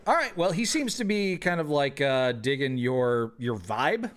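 A man's voice: on the high side, expressive, a little slow, background noise. A man narrating as game master of a tabletop game, hesitant, with many fillers.

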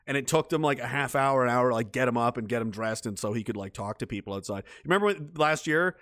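A man's voice: mid-range voice, a bit bright, no room sound, clean studio sound. Wry, profane man ranting on a stream. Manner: swears freely, jumps from mocking rants to quick chat replies. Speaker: livestream host reading chat. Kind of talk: casual profane commentary.

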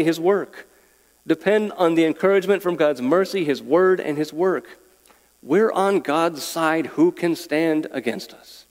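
Pastor preaching in a reverberant hall. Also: male voice, a little high, a little mellow. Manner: earnest, repeats words, chuckles between points. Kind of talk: sermon. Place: church sanctuary. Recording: long reverb of a church hall.

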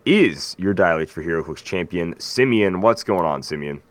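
A low-voiced man hosts a tabletop game podcast in easy, jokey conversation. He banters loosely with his co-host. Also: animated, normal speed, no room sound. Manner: easygoing, jokey, chatty. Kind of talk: casual podcast chat.

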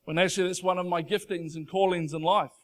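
An earnest male pastor with a high voice, preaching a sermon with emphatic conviction. He reads scripture slowly and deliberately and builds into fervent declarations. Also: steady tone.

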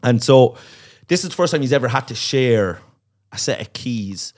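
A man's voice: medium pitch, animated, moderate pace. A man telling a long, profane story on a comedy podcast, acting out the voices of the people in it. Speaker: comedian guest.

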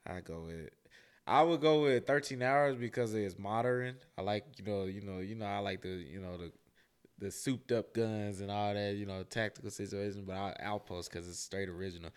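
A young adult man co-hosting a casual podcast, swearing freely and getting loud and worked up. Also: fairly low pitch, normal speed, clear, resonant tone. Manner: loose, profane, gets loud and worked up. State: sleepy from drinking. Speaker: podcast co-host.

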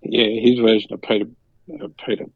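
A man's voice: fairly low pitch, little pitch movement, a little fast, phone-quality sound. Man telling rambling stories. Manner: rambling anecdotes, acts out quoted voices. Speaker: guest. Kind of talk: casual storytelling chat.

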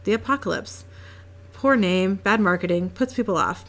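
A smug, scheming male angel, glib and mocking, unhurried delivery, mid-pitched voice, read plainly by a woman. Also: animated, fairly bright tone.

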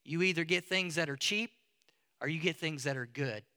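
A man voicing a gruff old male car painter from the American South, with a slow, firm, fatherly way of talking and a Southern US accent. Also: on the high side, sharp tone.

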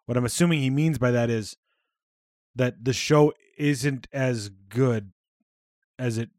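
A man's voice: mid-range voice, slow, darkish tone, no echo, clean studio sound. A man co-hosting a podcast in casual chat, rambling and swearing freely. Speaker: podcast co-host.

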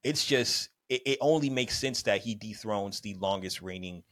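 A man with a fairly low voice makes his case in a casual podcast debate, counting off his reasons one by one. The sound is dry and close, with no room around it. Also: moderate pace, dry recording. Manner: animated, argues point by point in numbered reasons. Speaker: podcast co-host.

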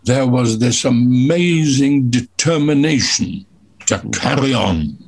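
Old welsh guy, slow husky voice, dry jokes in a radio chat. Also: mid-range voice, animated. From Wales. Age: older. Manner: slow, measured storyteller with dry humor. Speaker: guest, veteran entertainer. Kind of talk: radio chat, telling stories.

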